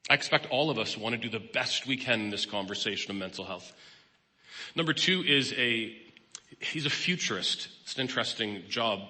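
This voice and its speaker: A man's voice: mid-range voice, animated, normal speed, pushed and bright. A man in his fifties, a therapist giving a candid, personal talk in a conversational sermon style. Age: 50s. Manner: candid, personal, plain-spoken. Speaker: guest speaker and therapist. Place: church hall. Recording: long reverb of a large hall.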